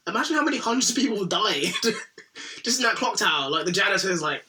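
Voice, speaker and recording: A man's voice: high voice, a little fast. A man co-hosting a podcast, casually recapping a cartoon episode and acting out characters' lines with plenty of swearing. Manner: animated, acts out characters' lines, swears freely. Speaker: podcast co-host.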